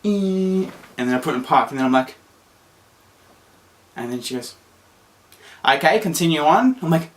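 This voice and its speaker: A young man with an Australian accent tells a story straight to camera in a loose, chatty vlog. His telling is animated, and he leaps up into squeaky highs whenever he plays out the quotes. His voice sits at an ordinary middle pitch for a man. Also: normal speed, pauses often. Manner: animated, acts out quotes with sudden high squeaky jumps. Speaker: vlogger.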